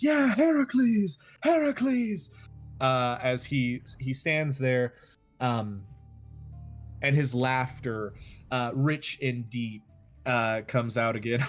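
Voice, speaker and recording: A man's voice: medium pitch, a bit bright. A man narrating a tabletop game as game master, hesitating often with fillers.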